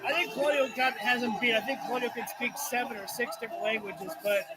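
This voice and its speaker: A man's voice: extremely high pitch, fairly even intonation, brisk, over loud music. A man hosting a wrestling livestream, casually chatting with stumbling restarts and frequent self-deprecating laughs. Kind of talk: casual live reaction commentary.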